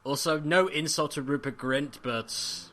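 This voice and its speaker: Lively, exasperated young Englishman groaning. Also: medium pitch, measured pace, a little hiss or hum. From England. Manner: mock despair, exasperated groans, frequent laughter. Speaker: co-host of a movie commentary. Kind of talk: casual film commentary chat.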